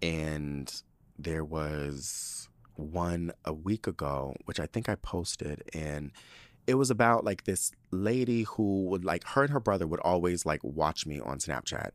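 A man's voice: low-pitched, a little slow, dry recording. A man hosting a podcast, reading listener letters aloud in a chatty, campy way full of fillers. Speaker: podcast host.

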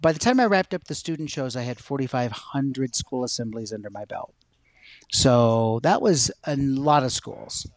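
A man telling a personal story as a guest on a talk show, an animated storyteller. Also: medium pitch, moderate pace, no echo. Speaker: guest, science educator. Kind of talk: storytelling in a conversation.

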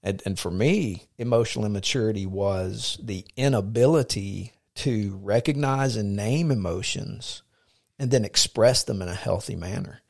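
A man's voice: fairly low pitch, moderate pace, gravelly, a little mellow. A man who is a pastor co-hosting a podcast, speaking earnestly and personally in a casual faith-based talk.

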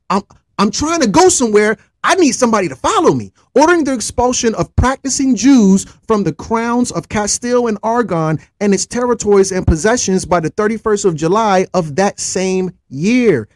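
High-voiced animated guy lecturing his stream chat, jumpy delivery, joking, dry close mic. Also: moderate pace, no room sound. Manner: animated, repeats points call-and-response style; jokes with chat, many restarts. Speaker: livestream host. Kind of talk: casual livestream history lecture.

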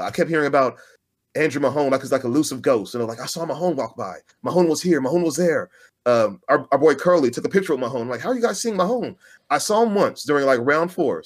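Fast-talking man telling stories. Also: medium pitch. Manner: animated storyteller who acts out quoted voices. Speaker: podcast co-host. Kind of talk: casual chat.

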